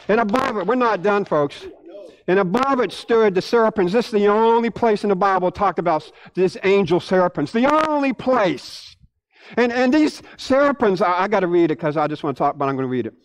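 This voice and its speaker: A man pastor preaching a sermon to his church, animated, repeating words and swinging between loud and hushed. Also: sits high, moderate pace, a little hiss or hum, poor audio.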